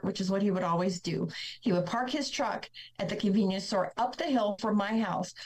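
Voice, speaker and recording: As a podcast guest, a woman shares her own painful life story bluntly, candidly and with emotion. Her voice is mid-range with a darkish tone, and the recording is rough.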